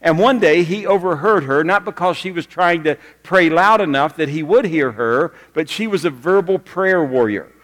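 A man's voice: fairly high pitch, moderate pace, hardly any pauses, fairly bright tone. A male pastor giving a sermon to a congregation, telling stories in a conversational way and asking them direct questions. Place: church sanctuary with a congregation. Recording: long reverb of a church hall.

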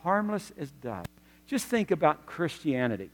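A man's voice: a little high, sing-song, moderate pace, in a large hall. A male pastor preaching a folksy, joking sermon and drawing the congregation in with questions and prompts.

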